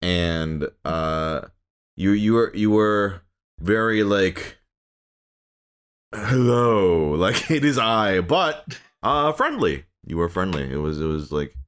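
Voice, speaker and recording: A man's voice: deep voice, lively intonation, takes it slowly, fairly bright tone, clean tone. A man hosting a casual podcast chat, joking and rambling with many restarts. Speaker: podcast host.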